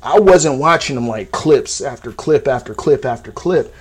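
A man's voice: mid-range voice, expressive, normal speed, slightly rough. A man in his thirties hosting a casual solo podcast, talking bluntly and profanely, his voice jumping up sharply when he stresses a point. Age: 30s. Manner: voice jumps up sharply for emphasis. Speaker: podcast host.

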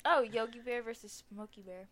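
A woman's voice: a little high, normal speed, fairly bright tone. A teenage girl co-hosting a podcast, giving blunt opinions and giggling often. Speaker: podcast co-host. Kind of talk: casual chat.

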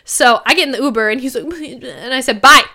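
A young woman co-hosting a podcast, telling a personal story in casual chat, animated and swearing, quoting others. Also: high-pitched, a little fast. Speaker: podcast co-host.

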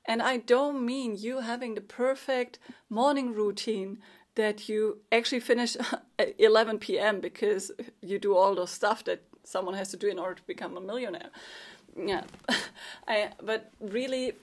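A woman life coach giving an earnest, emotional solo monologue with soft laughs. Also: medium pitch, steady tone, moderate pace.

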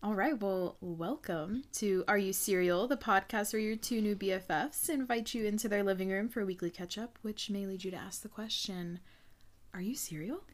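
A young woman in her twenties co-hosting a podcast from a living room, telling stories in a relaxed way and laughing often. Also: mid-range voice, moderate pace. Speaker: podcast co-host. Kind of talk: casual chat.

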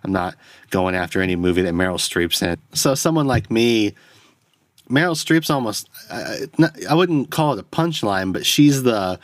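Solo podcast host, man, deep voice, rambling and profane with self-mocking asides, dry studio sound. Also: animated, moderate pace, no echo. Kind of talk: solo film review rant. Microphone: close podcast microphone.

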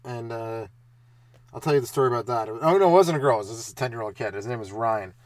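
A man's voice: mid-range voice, fast talker, dry recording. A young man, a stand-up comedian from Canada, hosting a podcast and rambling through comic stories, swearing freely and acting out voices. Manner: swears freely, acts out voices, bursts of loud laughter.

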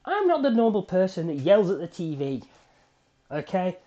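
A man hosting a solo fan podcast, recapping a TV episode in an excitable, animated storytelling way with frequent restarts. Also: high voice, normal speed, highs cut off. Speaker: podcast host.

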